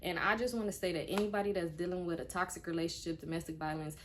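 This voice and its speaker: A woman's voice: fairly low pitch, fast, a little hiss or hum. Frank young woman telling a story. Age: 20s. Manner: animated retelling that acts out quoted speech; frank and conversational, speaking to viewers directly. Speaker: vlogger. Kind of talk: casual storytime.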